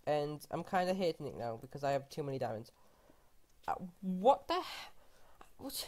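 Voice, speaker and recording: A woman casually commenting on her own game play, excitable, often gasping and exclaiming in disbelief. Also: low-pitched, a little slow. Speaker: gaming channel host.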